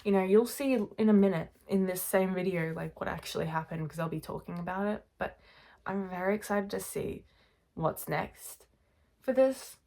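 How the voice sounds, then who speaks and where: A young adult woman rambling excitedly in a casual reaction vlog, gushing over a TV series. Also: medium pitch, normal speed, gravelly.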